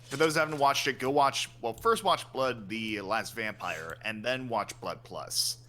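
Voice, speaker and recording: A man's voice: mid-range voice, a little slow, pushed and bright. A man chatting casually on a stream, mostly giving short agreements and eager recommendations. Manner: enthusiastic recommender, brief affirmations. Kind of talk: casual chat.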